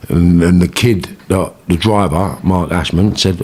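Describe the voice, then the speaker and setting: Guest, London man, lowish voice, blunt street talk, keeps asking "you know what I mean". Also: fairly even intonation, moderate pace, slightly rough. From England. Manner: blunt, swearing, street slang, repeats himself. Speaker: interview guest. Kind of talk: storytelling in an interview.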